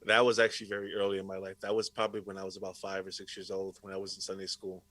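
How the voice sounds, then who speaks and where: His voice sits low and his delivery is rapid-fire, recorded at low quality with no echo. A podcast guest of Puerto Rican heritage who grew up in the Rhode Island area, he tells animated stories in casual chat and swears constantly.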